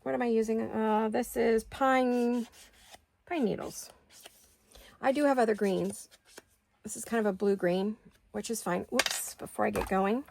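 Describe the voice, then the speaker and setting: A woman's voice: fairly high pitch, fairly even intonation, unhurried, creaky, pauses often, a little mellow, slight background noise. A middle-aged woman hosting a craft video, chatting casually to her viewers and to herself as she works. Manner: chatty, talks to herself while working.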